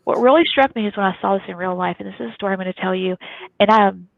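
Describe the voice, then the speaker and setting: A fast, animated woman tells her story on a video call. The audio is thin and phone-like, with a dry, close sound. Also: mid-range voice, creaky, no echo. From Kentucky, USA. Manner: lively, chatty, animated storytelling. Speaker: guest. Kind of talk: casual storytelling on a live talk show.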